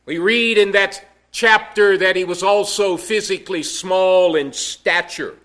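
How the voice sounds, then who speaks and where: Male pastor, high-pitched, slow deliberate sermon delivery with emphatic rises. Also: sharp tone.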